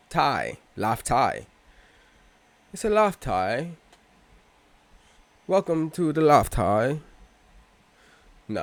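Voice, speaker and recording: A man's voice: medium pitch, no echo. A man hosting a casual crypto video, rambling and swearing, often breaking off mid-thought with slang. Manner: rambling, profane, self-interrupting with slang. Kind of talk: casual rambling vlog talk.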